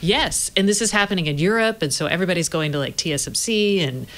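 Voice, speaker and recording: A woman's voice: fairly low pitch, fast, a bit bright. A woman co-hosting a tech podcast, explaining things in a casual, matter-of-fact way. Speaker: podcast co-host.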